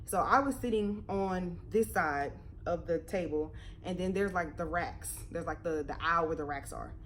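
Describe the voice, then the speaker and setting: A young woman vlogger telling a story in a casual, animated way, laughing often and swearing freely. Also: on the low side, moderate pace, a little hiss or hum.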